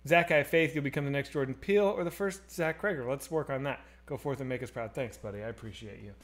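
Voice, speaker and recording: A man in his thirties hosting a casual live stream, joking and swearing as he reads chat, swinging between loud and quiet. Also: mid-range voice, quick pace. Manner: animated, swearing, jokey, swings loud and soft. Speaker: streamer host.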